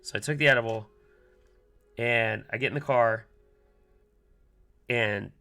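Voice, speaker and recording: Rambling gravelly man telling a story. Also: mid-range voice, a little slow, sharp tone. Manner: rambling, filler-heavy, mutters asides to himself while soldering. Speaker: streamer building a keyboard. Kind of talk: casual storytelling while working.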